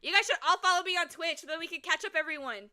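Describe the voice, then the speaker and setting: A woman streaming a story game, reading it aloud and chatting with viewers, quick to burst into excited exclamations. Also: very high-pitched. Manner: excitable, breaks into squeals and exclamations.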